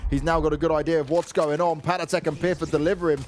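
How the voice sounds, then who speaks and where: A man doing esports play-by-play commentary, calling fights with energy as they unfold. His voice sits slightly high for a man. A faint hiss runs under the mic. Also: little pitch movement, quick pace, a little mellow. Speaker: esports caster.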